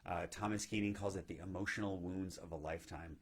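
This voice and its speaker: A man giving a gentle, reflective spiritual teaching talk on meditation, often checking in with "right?". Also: low-pitched, steady tone, quick pace, husky. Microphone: live video stream.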